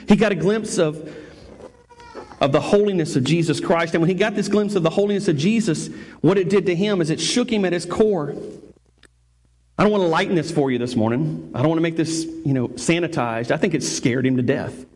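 A male pastor delivers a sermon in a lively, chatty, joking way. His voice sits a bit high and has a husky edge. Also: a little fast. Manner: animated, conversational, jokey preaching.

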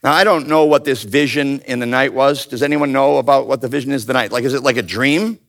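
A man teaching a Bible study in a lively, joking way, often calling on his listeners to answer. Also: mid-range voice, quick pace. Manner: animated, playful, calls out to the audience. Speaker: pastor.

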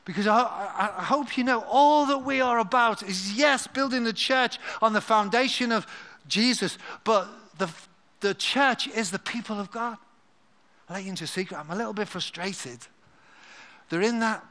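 A man preaching a live sermon in a church, animated and dropping to a hushed, confiding voice at times. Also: high voice, moderate pace. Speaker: pastor.

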